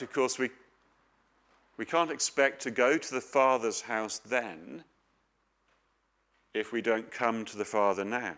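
A middle-aged man preaches a sermon in an earnest, questioning way. He asks questions and tells homely stories. His voice sits at an ordinary pitch for a man. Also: a bit bright.

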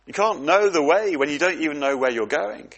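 A man's voice: on the high side, lively intonation, brisk. A man preaching a sermon, earnest and reflective, often repeating words as he goes.

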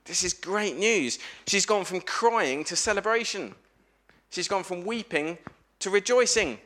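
A man giving a lively family sermon in church, telling a story and asking the congregation questions. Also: high voice, unhurried. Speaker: preacher at a family service. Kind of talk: lively all-age sermon with questions to children.

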